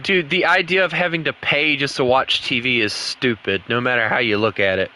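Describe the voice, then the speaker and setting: A man's voice: mid-range voice, brisk, pushed and bright. An American man streaming a game in casual chat, playfully teasing a friend. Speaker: gaming streamer.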